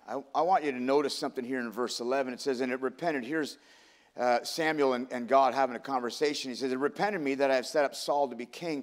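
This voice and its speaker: A man preaching a sermon in an earnest, heartfelt way. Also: mid-range voice. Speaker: pastor.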